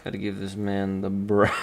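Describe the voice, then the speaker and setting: A man chatting playfully to himself while he draws, giggling often. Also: on the low side. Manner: giggly, playful self-talk. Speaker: online artist. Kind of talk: casual talk while drawing.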